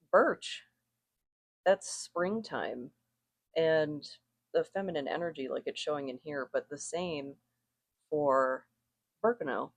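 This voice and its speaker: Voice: mid-range voice, no room sound. A tarot and rune reader chatting casually to viewers, thinking aloud, correcting themself and chuckling now and then. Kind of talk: casual spoken reading to viewers.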